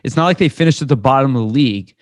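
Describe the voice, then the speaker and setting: A man's voice: medium pitch, lively intonation, dry recording. A man hosting a sports podcast, earnest and opinionated in casual chat. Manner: earnest and opinionated, quick asides. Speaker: podcast host.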